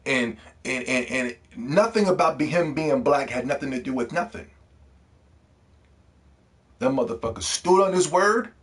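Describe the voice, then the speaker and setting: A man's voice: mid-range voice, lively intonation, moderate pace, pauses often, a bit bright. A man ranting to the camera about games, heated and profane, repeating words when worked up. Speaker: gaming video host. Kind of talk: ranting video commentary.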